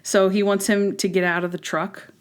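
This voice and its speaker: A woman co-hosting a podcast, chatting casually and retelling scenes in an animated way. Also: medium pitch, normal speed. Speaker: podcast co-host. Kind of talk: casual chat.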